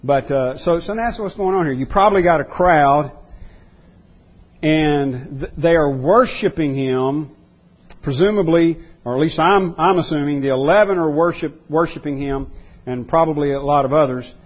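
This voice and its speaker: Guy preaching, kinda high husky voice, keeps restarting and repeating words, dull lo-fi sound. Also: moderate pace. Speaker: pastor. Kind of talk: sermon.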